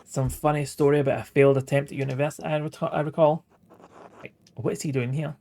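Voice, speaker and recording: A man's voice: a little high, flat delivery, fast, warm tone, a little hiss or hum. Wry sweary man gaming. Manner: sweary, wry, chuckling asides. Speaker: streamer. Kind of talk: casual let's-play commentary, reading game dialogue aloud.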